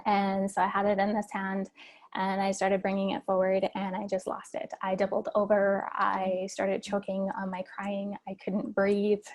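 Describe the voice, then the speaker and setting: A woman's voice: mid-range voice, monotone, moderate pace, darkish tone. A woman giving an interview, earnestly and steadily retelling a distressing personal experience.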